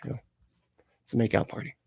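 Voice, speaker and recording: A man's voice: fast talker, warm tone, no room sound. Rambling Southern US man on a dry mic. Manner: rambling, laughs often, swears freely. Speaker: livestream host. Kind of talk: casual livestream chat, reading comments.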